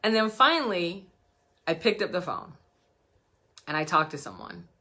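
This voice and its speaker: Bright-voiced woman business coach. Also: on the low side, normal speed. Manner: animated storytelling, acts out dialogue. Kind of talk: direct-to-camera business talk.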